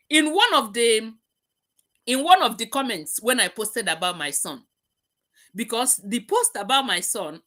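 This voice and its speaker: Slightly high and sharp in tone, this woman's voice belongs to a middle-aged host. She leads an emotional live-stream talk, preaching passionately and going over the same points again and again.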